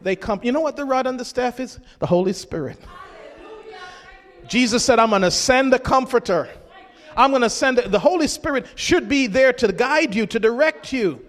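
A man preaching a sermon, rising into shouts as he urges the congregation on. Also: extremely high pitch, expressive, moderate pace. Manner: rises into shouts to urge the congregation. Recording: long hall reverb.

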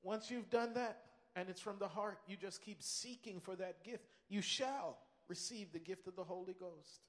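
Male preacher, high voice, emphatic sermon delivery with repeated phrases, long reverb of a big hall. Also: normal speed, a bit bright.

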